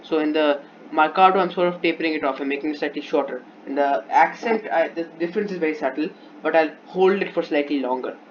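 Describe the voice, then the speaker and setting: The dull lo-fi recording carries a little hiss or hum, an instrument playing, and a man's fairly high, fast voice. He's teaching music theory off the cuff, repeatedly restarting and repeating himself during demonstrations.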